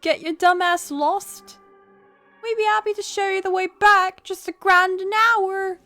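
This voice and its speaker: A woman's voice: very high-pitched, steady tone, unhurried, pushed and bright, faint music behind, voice pushed up, heavily acted. A woman voicing a crude, taunting young male street thug with a mocking, put-on street accent while reading a game aloud. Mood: jeering menace.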